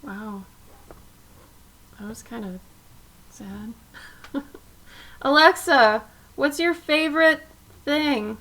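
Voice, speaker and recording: High-voiced woman chatting slowly on stream. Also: a little hiss or hum. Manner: chatty, soft-spoken, drifting between asides. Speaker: live-stream artist host. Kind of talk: casual chat while drawing.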